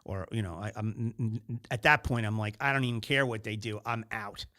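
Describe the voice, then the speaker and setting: A man in middle age hosts a business podcast. He talks casually and in an animated way, and he keeps slipping into short acted-out exchanges to make his points. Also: fairly low pitch, a little fast. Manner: animated, acts out little scenes in other voices. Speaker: podcast host.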